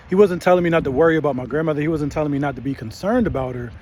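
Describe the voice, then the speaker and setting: Man in his thirties, fairly high voice, casual motivational talk, conversational with tag questions, faint outdoor traffic noise behind. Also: racing, a little mellow. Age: 30s. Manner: conversational, often tags lines with "right?". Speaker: faith channel host.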